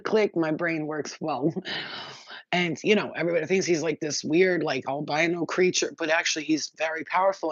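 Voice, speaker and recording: A woman's voice: low-pitched, no echo, lo-fi sound. Emotional, rambling woman spiritual reader. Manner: excited, rambling, swearing, emotional. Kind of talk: emotional channeled message to viewers.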